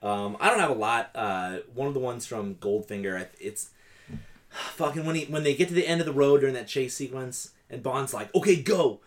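A man in casual chat, animated and profane, sounding incredulous as he talks. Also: medium pitch, fairly quick, slight background noise.

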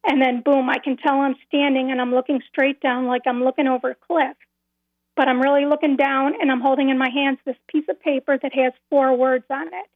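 A woman's voice: high-pitched, fairly even intonation, no room sound. A woman calling in to a radio show, earnestly telling a personal story and repeating phrases as she goes. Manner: earnest, repeats phrases, slow and careful at key moments. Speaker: caller. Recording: tinny phone line.

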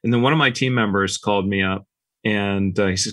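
A man's voice: fairly low pitch, a little fast, no room sound. A man casually telling stories from running his company, acting out the dialogue as he goes. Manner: relaxed, anecdotal, acts out quoted dialogue. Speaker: business owner guest. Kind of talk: casual podcast storytelling.

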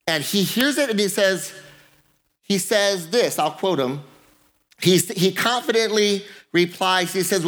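Male pastor, sermon delivery, high bright voice, jokey, hammers key phrases. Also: expressive, unhurried. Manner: joking, repeats phrases for emphasis.

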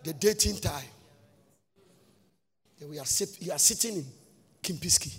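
A man's voice: a little high, moderate pace, fairly bright tone, breathy edge. A man preaching a sermon as a pastor, in a sing-song cadence full of questions to the congregation. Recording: long hall reverb with faint music.

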